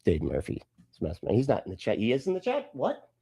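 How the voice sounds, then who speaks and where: A man hosts a live stream and mocks the clips he plays. His swearing commentary swings widely in pitch. The sound is dry and close, with no room around it. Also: huge pitch swings, fast, gravelly, warm tone, slightly rough, dry recording. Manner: sarcastic and profane, talks back at clips. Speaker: host of a live reaction stream.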